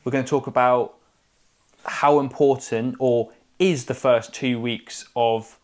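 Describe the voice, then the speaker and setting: A man's voice: mid-range voice, fairly even intonation, a little slow. A man, an estate agent, telling a clipped, chatty story while co-hosting a podcast from a living room. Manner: chatty anecdotal storyteller, drops subjects from clipped sentences. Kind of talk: casual storytelling chat.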